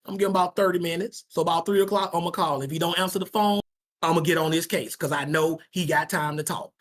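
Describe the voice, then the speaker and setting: A scheming young woman counting the hours until she can call, as a man puts her on in his own low voice. She sounds matter-of-fact and plotting, without any real disguise. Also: fairly even intonation, quick pace, close to an everyday voice. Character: imagined demanding young woman planning calls.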